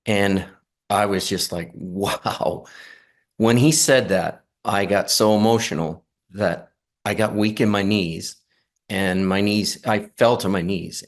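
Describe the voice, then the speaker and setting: Middle-aged guy, kinda low voice, earnest and halting, lots of ums and restarts. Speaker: near-death experience guest. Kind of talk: casual storytelling.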